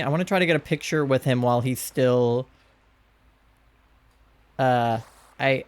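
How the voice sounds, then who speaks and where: A young man streaming a game live, gushing excitedly and cooing over cute creatures in casual commentary. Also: mid-range voice.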